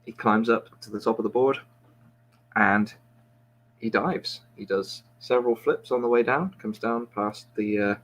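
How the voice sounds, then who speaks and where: A man with a mid-range voice, captured on a rough recording, is a podcast host casually telling friends a long, wandering joke. He stumbles into restart after restart and keeps mocking himself.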